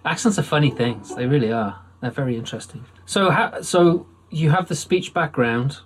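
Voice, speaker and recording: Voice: mid-range voice, normal speed, a little hiss or hum. An interviewer asking questions in a friendly, casual chat, often laughing and cutting in with short replies. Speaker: interviewer, podcast host.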